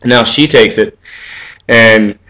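A man in his forties talking casually into the camera for his own video, rambling with lots of fillers and restarts, swearing freely and getting louder and higher when he gives advice. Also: slow pace. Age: 40s. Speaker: vlog host. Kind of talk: casual monologue.

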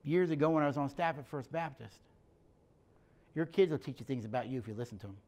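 In a relaxed teaching talk on emotional health and leadership, a middle-aged man speaks at medium pitch and a quick pace, a little mellow. He tells stories directly and plainly, acting out what each person says.

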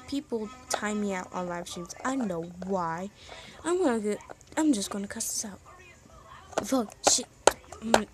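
Speaking with a mid-range voice over heavy background noise, a vlogger rambles moodily and puts herself down. She's filming casually on a phone from her bedroom at home and half whispers at times.

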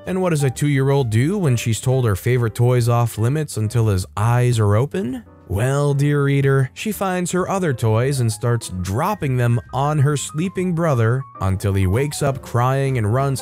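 A man's voice: medium pitch, animated, normal speed, few pauses, a little mellow, faint music behind. A man reading online stories aloud, adding casual, wry comments between them.

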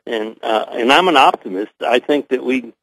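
An older man with a Southern US accent, a guest answering interview questions slowly, with many pauses and fillers. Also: medium pitch, fairly bright tone, low-quality recording. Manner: hesitant, many uh fillers, measured.

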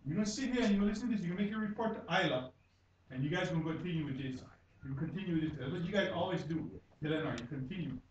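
A man's voice: fairly high pitch, expressive, very fast, dull audio. A man in his fifties from Hawaii, speaking English with a Hawaii Pidgin accent, giving blunt, angry, repetitive testimony with swearing at a public hearing. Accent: Hawaii Pidgin-tinged English. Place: conference room. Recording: echoey room from far off, faint noise.

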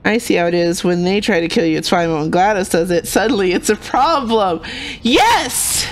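A woman's voice: lowish voice, fairly quick. A woman streamer giving casual gameplay commentary, playful and teasing, often muttering to herself between remarks.

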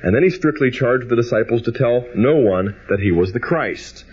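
Husky, lively-voiced man lecturing on scripture. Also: medium pitch, lo-fi sound. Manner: reads scripture slowly with emphasis, then speeds up; personal, storytelling. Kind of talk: biblical theology lecture.

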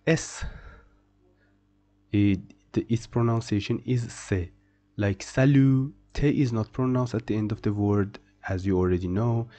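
Man, pronunciation teacher, slow, low-pitched, repeats each word, translates. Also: warm tone, muffled recording. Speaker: French teacher. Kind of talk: slow beginner pronunciation lesson.

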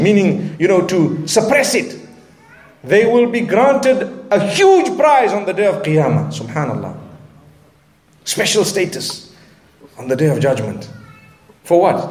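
A man's voice: high-pitched, very animated, moderate pace, roomy sound. A man delivering an earnest sermon with Arabic phrases and touches of light humor. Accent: Southern African English. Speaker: preacher.

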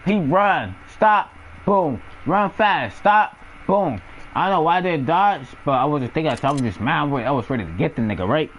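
A young man tells stories from his past in loose, slang-heavy talk, laughing as he goes. His voice sits a little high and swings up and down with energy. A faint hum of the room stays behind him. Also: normal speed, highs cut off. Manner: animated, laughs often, heavy slang, acts out sounds. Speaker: storyteller. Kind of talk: casual storytelling.

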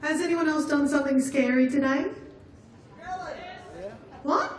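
High-voiced woman chatting onstage. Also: a little slow, a faint crowd. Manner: chatty, laughs often. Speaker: singer-songwriter. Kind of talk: stage banter between songs. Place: festival stage.

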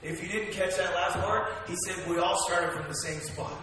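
Energetic male preacher; high, bright voice; recorded from a distance in a reverberant church hall. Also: normal speed. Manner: energetic, calls for amens. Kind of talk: sermon.

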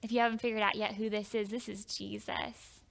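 A woman preaching a sermon in a church, reading scripture slowly and earnestly and then talking it through with the congregation. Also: medium pitch, flat delivery, vocal fry, fairly bright tone. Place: church sanctuary. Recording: long hall reverb.

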